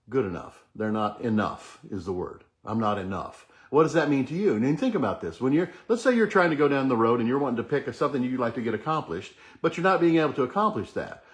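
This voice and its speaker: A middle-aged man hosting a motivational talk, earnestly leading the listener through repeated affirmations. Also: medium pitch. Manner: earnest, repetitive chanting of affirmations. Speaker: host.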